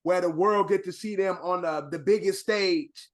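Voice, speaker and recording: A fairly high-voiced man in loose podcast talk. He rambles and circles his points, leaning on fillers, and is quick to agree with the others. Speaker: podcast co-host. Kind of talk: casual podcast chat.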